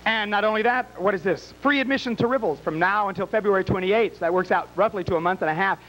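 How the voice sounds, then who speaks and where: A man's voice: sits high, fast talker, a bit bright, rough recording. A man emceeing a live game show in a small bar, teasing and wisecracking with the contestants and the crowd.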